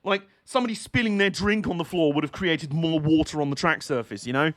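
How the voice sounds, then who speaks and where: A young man casually commenting on motor racing during a livestream, chatty and excitable, laughing and swearing often. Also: on the high side, brisk, dry recording. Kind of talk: casual watch-along commentary.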